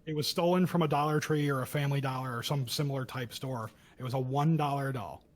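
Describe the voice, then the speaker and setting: A young man co-hosting a casual podcast, talking through a news story with heated emphasis and bursts of louder, higher speech. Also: quick pace. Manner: animated, acts out quoted voices with rising pitch and loudness. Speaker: podcast co-host. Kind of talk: casual political commentary chat.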